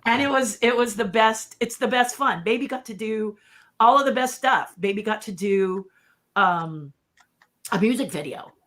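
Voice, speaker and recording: Woman, middle-aged, puppeteer, interview guest, animated storyteller, laughs often. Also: on the high side, moderate pace. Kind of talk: casual anecdote in an interview.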